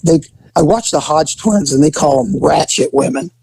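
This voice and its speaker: A middle-aged man telling a story in casual chat, acting out voices with big jumps in pitch. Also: normal speed, gravelly, a little mellow, husky, dry recording, low-quality recording.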